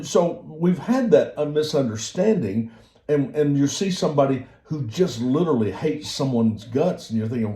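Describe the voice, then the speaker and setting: A man's voice: mid-range voice, warm tone, roomy sound. A man giving a motivational talk in an earnest, repetitive way, often restarting his sentences. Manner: earnest, repeats words and restarts. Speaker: motivational speaker.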